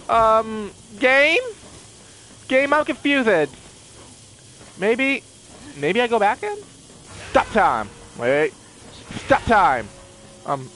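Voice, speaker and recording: A man casually commenting on his own gameplay, excitable, exclaiming and playfully taunting enemies into a desk mic. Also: sits high, slow pace, long pauses, slight background noise. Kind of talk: casual let's-play commentary. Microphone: personal desk mic.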